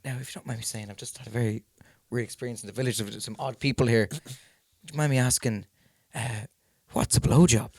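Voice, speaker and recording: A man's voice: medium pitch, steady tone, fairly quick, few pauses, darkish tone, slightly rough, dry recording. A man voicing a mild-mannered new male parish priest in a told joke, polite and bemused.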